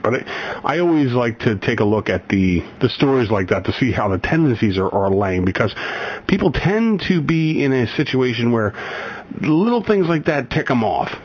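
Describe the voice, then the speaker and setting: A man's voice: mid-range voice, big pitch swings, moderate pace, slightly rough. A man hosting a radio show, chatting casually and reading a news story aloud with many restarts and chuckles. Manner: rambling, self-correcting, chuckles often. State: getting over a migraine. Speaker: radio host. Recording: slightly dull radio recording, faint background noise.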